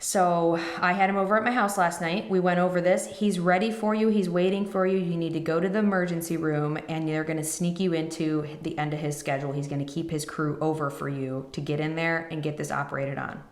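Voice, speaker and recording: A podcast host in her thirties speaks a little fast with few pauses, her low voice steady in tone and the sound roomy. Emotional as she retells a personal story, she quotes others and acts them out.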